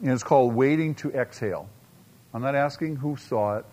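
A man preaching a sermon to a congregation, pressing his points with rhetorical questions, dramatic slow-downs and quiet asides. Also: medium pitch. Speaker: pastor.

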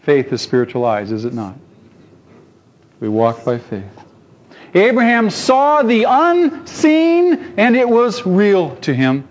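Male pastor, animated sermon delivery, lively pitch, slightly muffled lo-fi recording. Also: a little slow. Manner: animated storytelling, acts out voices, rhetorical questions. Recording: dull lo-fi sound.

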